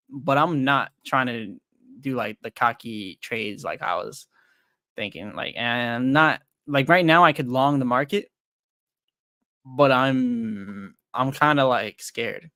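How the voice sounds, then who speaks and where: A young man talks casually on a livestream, rambling and thinking out loud with plenty of "um" and "like." His voice sits at a middling pitch and sounds dry and close, with no room around it. He comes across frank and a bit self-deprecating. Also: expressive, a little slow, no echo. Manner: loose and rambling, thinks aloud with many fillers and restarts. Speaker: crypto trading livestream host. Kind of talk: casual livestream chat, reading viewer comments.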